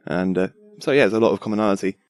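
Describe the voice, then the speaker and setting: A young adult man, a designer appearing as a guest, chats eagerly about his work in a casual tech conversation, rambling and using fillers. His voice is on the low side and rapid-fire.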